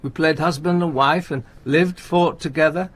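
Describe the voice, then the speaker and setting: An actor playing a gentle, anxious older comedian in a radio play, talking in halting, stammering restarts. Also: male voice, fairly high pitch, steady tone, lightly acted. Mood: pleading. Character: aging male comedian, gentle, anxious, talkative. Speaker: visiting friend and comedy partner.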